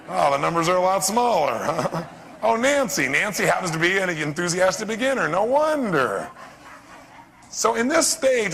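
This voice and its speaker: Casting: animated male motivational speaker, rapid and bright, quizzing a crowd. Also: high voice, vocal fry. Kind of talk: live seminar talk. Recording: long reverb of a seminar hall.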